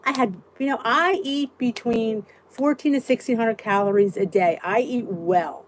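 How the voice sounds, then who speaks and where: A woman's voice: a little high, animated, normal speed, hardly any pauses, background noise. A woman in her fifties hosting a casual live support chat, ranting and talking straight to her viewers, greeting them by name. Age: 50s.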